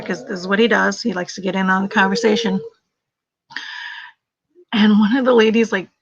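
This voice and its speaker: A woman's voice: mid-range voice, no echo, muffled recording. A woman hosting a casual livestream, chatty and laughing often. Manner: chatty, laughs often, talks to her dog. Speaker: livestream host.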